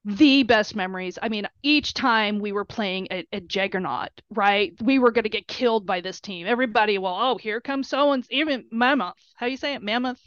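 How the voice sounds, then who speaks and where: A middle-aged woman, a player's mother, telling animated stories in an interview and acting out quotes in a shrill high voice. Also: normal speed, hardly any pauses, no echo. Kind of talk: storytelling interview. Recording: dull lo-fi recording.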